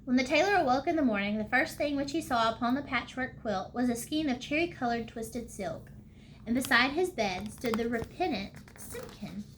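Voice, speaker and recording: A woman reads a storybook aloud for a library storytime. Her voice sits a little high and the pace is unhurried, with small slips and the odd throat-clearing. A faint hiss runs underneath. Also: lively intonation, a bit bright.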